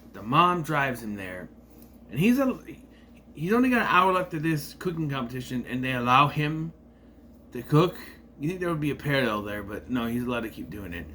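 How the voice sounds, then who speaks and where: A man's voice: medium pitch, very animated, brisk, pushed and bright, a little hiss or hum. A man giving a casual, rambling movie review with sarcastic asides.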